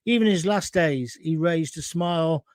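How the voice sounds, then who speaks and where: A man's voice: on the high side, moderate pace, darkish tone, no echo, clean studio sound. A middle-aged man hosting a live talk show, chatting through viewer comments and wandering into anecdotes.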